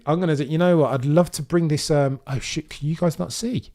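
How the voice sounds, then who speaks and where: A man from Birmingham with a mild Birmingham accent, hosting a live watchalong stream and chatting excitably with his viewers. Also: a little high, brisk. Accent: mild Birmingham English. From Birmingham, England. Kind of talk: live streaming commentary chat.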